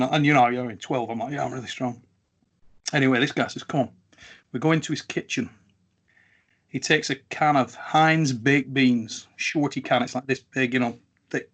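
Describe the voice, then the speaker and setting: A man's voice: medium pitch, fairly bright tone. A man hosting an interview and chatting casually, telling a story. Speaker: interviewer, host. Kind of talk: casual chat.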